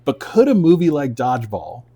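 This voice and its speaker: A man hosting a podcast, asking questions in a relaxed, casual way. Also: fairly high pitch, normal speed. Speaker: podcast host. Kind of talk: casual interview chat.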